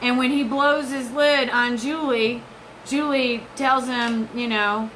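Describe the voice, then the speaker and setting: A woman's voice: a little high, steady tone, slow, a bit bright, a little hiss or hum, poor audio. A woman in her forties giving an intense, rambling, profane personal monologue. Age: 40s. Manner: intense, rambling, profane, jumps between topics.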